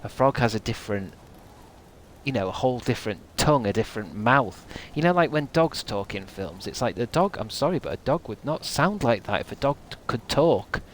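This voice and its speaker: A man's voice: mid-range voice, expressive, fairly quick, slight background noise. A British man streaming a video game, chatting in a rambling, jokey way and trying out silly voices. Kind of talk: casual game stream chat. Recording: game music behind.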